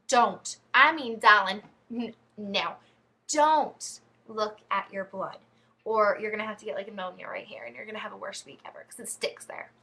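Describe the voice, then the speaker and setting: A woman's voice: medium pitch, fairly bright tone. A woman vlogging, telling embarrassing stories in a chatty, giggly, rambling way. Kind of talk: casual storytelling to camera.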